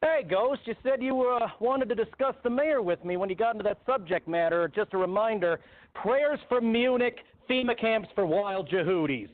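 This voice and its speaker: A male caller with a fairly high voice speaks casually and a little hesitantly. His voice comes through a tinny phone line on a call-in show. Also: animated, normal speed. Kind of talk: call-in radio.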